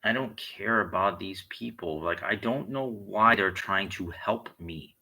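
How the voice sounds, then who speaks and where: Deep gravelly dude ranting to camera, swears a lot, husky edge. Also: male voice, unhurried, bright, forceful tone, low-quality recording. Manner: blunt, swearing, heated storytelling. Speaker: vlogger. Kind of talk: profane monologue rant.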